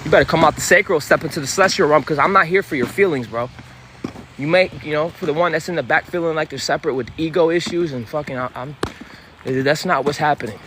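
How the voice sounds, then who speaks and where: A man delivers a fierce, confrontational motivational sermon outdoors, cursing freely as he pushes his listeners. His voice sits a bit high for a man. Steady street noise runs clearly behind him. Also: fast. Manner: intense, profane, confrontational. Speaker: spiritual vlogger. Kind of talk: preachy motivational monologue.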